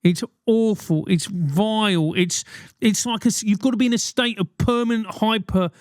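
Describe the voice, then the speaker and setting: A man's voice: high voice, normal speed, no room sound, studio quality. A man in his forties hosting a solo podcast, ranting animatedly with swearing and mock voices. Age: 40s. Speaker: podcast host.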